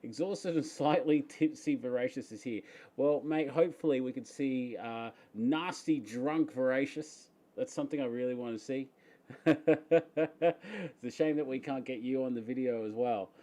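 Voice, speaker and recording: An Australian man hosting a casual live-stream Q&A from his home, chatty and quick to laugh as he greets viewers by name. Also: medium pitch, dark tone. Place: home, upstairs room.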